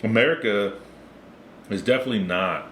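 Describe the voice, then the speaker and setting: A man's voice: lowish voice, normal speed, fairly bright tone. A middle-aged man with a Texan accent, co-hosting a podcast in laid-back, profane casual chat. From Texas. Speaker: podcast co-host. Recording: echoey room with faint noise.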